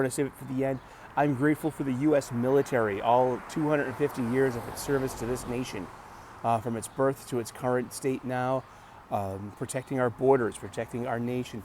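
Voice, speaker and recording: Guy vlogging at a bus stop, rambly and stop-start, medium-pitched voice, traffic loud behind him. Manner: halting, restarts words, jokey asides. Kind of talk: casual rambling monologue. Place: outdoors at a bus stop by a street. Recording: busy street noise around the mic. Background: passing traffic.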